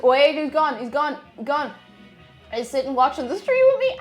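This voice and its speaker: Irish woman streamer, chatty and animated, high-ish voice, faint music under. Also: normal speed. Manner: chatty, reads out chat, lots of restarts. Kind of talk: casual live-stream chat.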